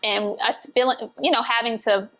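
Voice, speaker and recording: A woman's voice: a little high, fairly even intonation, moderate pace, a bit bright. A woman hosting a casual conversation, speaking reflectively and searching for words. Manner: reflective, searching, many fillers. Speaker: host.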